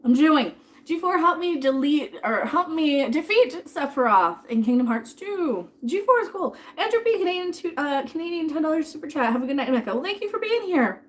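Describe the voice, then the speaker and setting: A woman in her thirties eats dinner on a live stream, rambling casually, reading out viewer tips and thanking people, sometimes talking with her mouth full. Her high-pitched voice is expressive, at normal speed.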